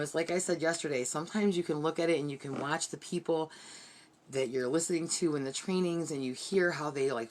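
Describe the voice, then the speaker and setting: A woman giving an earnest, heartfelt motivational team training from her bedroom. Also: deep voice. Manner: earnest, heartfelt, repetitive pep-talk.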